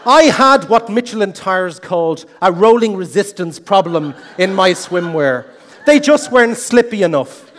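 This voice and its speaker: Man, middle-aged, comic contest speech, self-mocking storytelling, high voice, long hall reverb. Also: a bit bright. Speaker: contest speaker. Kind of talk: humorous competition speech. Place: large hall.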